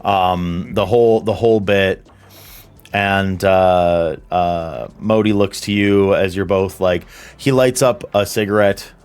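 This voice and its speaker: A man's voice: low-pitched, fairly even intonation, slow pace, clear, resonant tone. A man narrating as game master of a tabletop role-playing game, loose and swearing, with many fillers.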